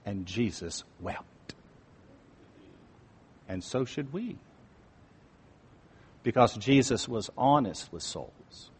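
Slow, solemn preacher in a reverberant hall. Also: male voice, mid-range voice. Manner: swings from loud declarations to near-hushed, solemn asides. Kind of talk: sermon. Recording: long reverb of a large hall.

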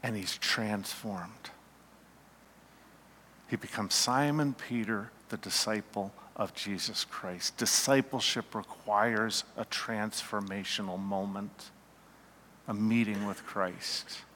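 A man preaching a sermon slowly and emphatically, his voice falling to a hush at key points, in a church. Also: on the low side, fairly even intonation, slight background noise. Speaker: pastor. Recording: long reverb of a hall.

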